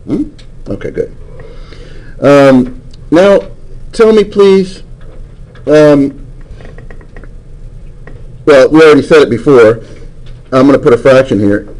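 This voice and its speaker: A man's voice: medium pitch, slow pace, pauses often, darkish tone, low-quality recording. A man teaching a math class, lecturing and coaxing answers from students with frequent questions.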